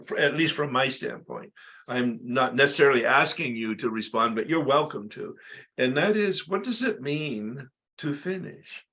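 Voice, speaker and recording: A man leading a workshop who speaks in a measured way and poses reflective questions. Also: medium pitch, a bit bright. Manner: measured, posing rhetorical questions. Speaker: workshop leader. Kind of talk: reflective teaching.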